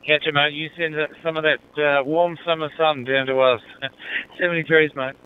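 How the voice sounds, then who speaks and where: Australian man, friendly ham radio chat, smooth voice, slightly high, tinny radio sound. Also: flat delivery, fairly quick. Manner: friendly, easygoing, says mate often. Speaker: amateur radio operator. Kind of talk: casual radio contact chat. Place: in a car, driving home. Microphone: handheld radio. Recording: narrow-band two-way radio audio.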